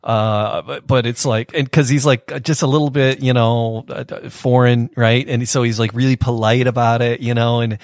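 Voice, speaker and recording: A man's voice: medium pitch, steady tone, no echo, clean studio sound. A man co-hosting a casual chat, rambling and restarting often as he tells a story. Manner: rambling, halting, many restarts. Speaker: co-host.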